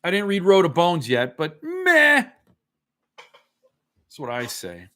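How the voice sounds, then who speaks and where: A man's voice: fairly high pitch, expressive, normal speed. A man hosting a casual livestream, rambling and swearing as he answers viewer comments, a bit tipsy. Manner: rambling, swearing, self-correcting. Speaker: livestream host.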